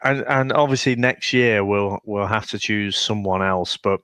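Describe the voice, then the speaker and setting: In a casual podcast chat, this British co-host speaks a little slowly in a fairly low voice that's a bit bright, clear, and resonant. He tells stories with obvious amusement and laughs frequently, captured as clean studio audio without echo.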